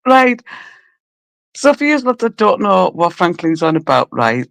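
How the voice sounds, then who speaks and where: Chatty, blunt woman. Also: no room sound. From Cumbria, England. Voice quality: low, rough voice she calls mannish. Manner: chatty and blunt, swears, laughs often. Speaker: livestream host. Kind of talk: casual live-stream chat, greeting viewers.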